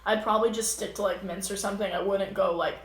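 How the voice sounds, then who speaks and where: A woman's voice: mid-range voice, fairly even intonation, quick pace, roomy sound. A young woman chatting casually as co-host, giving easygoing advice and saying like a lot. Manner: easygoing, says like often.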